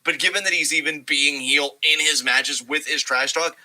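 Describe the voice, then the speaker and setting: Young man, bright tone, slightly high voice, casual profane podcast chat, animated impressions. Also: normal speed, low-quality recording. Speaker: podcast co-host.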